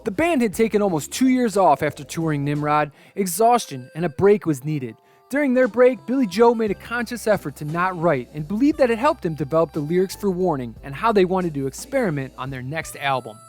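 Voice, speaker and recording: A man reading a scripted narration with an emphatic, lively delivery. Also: sits high, brisk, few pauses, faint music behind. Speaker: video essay narrator.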